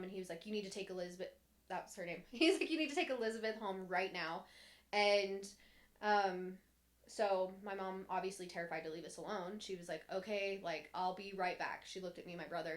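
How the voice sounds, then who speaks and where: A young woman speaks in an everyday middle-range voice, telling a personal story on a podcast. Her delivery is candid and meandering, with frequent fillers and false starts. When she quotes someone, her voice sharpens. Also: mid-range voice. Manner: candid, rambling, frequent "like" and restarts. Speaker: podcast co-host.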